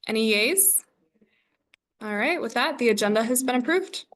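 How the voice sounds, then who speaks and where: A woman chairing a student government meeting, reading the agenda and roll call in a brisk, scripted way. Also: fairly high pitch, expressive, fairly bright tone.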